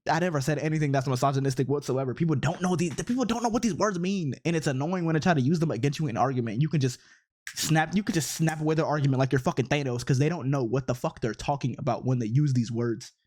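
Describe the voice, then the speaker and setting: A man with a slightly high, darkish voice talks fast in an exasperated, profane rant commenting on social media posts. He keeps sounding incredulous at what he reads.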